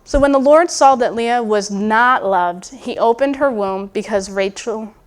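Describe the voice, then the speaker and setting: A guest preacher delivers a conversational sermon in an informal, musing style, full of restarts and asides, at times voicing a biblical character's thoughts. Her voice is fairly high and her pace measured.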